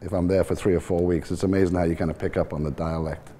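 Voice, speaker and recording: A man in his sixties with a blended Irish and Liverpool accent speaks in a low, mellow voice. He tells stories in a relaxed, rambling way and laughs easily. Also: fast. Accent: Irish and Liverpool mix. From Ireland and England. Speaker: team owner, interview guest. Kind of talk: casual storytelling interview.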